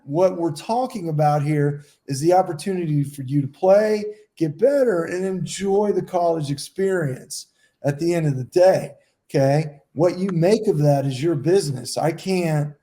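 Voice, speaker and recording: Man, podcast co-host, mellow tone, emphatic, profane, long-winded. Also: fairly high pitch, a little slow. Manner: emphatic, profane, talks at length. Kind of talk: casual round-table chat.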